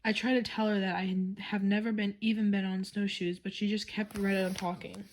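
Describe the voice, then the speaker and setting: A woman's voice: mid-range voice, flat delivery, fairly quick, a little mellow, slight background noise, rough recording. A woman reading a children's chapter book aloud in a plain storytelling manner. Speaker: reader.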